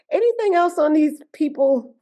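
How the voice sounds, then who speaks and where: Woman podcast co-host, high voice, animated, laughing, casual recap chat.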